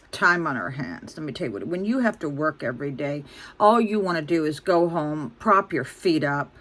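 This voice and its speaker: Older lady in her 60s venting into her phone, blunt and fed up, kinda low voice. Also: sharp tone. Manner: rambling, exasperated, blunt. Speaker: vlogger. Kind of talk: emotional venting to camera.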